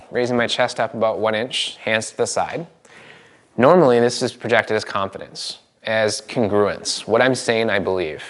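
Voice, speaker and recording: A middle-aged man teaching a live seminar, explaining body language and demonstrating it with his body. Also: medium pitch. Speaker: NLP trainer. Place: seminar room with audience.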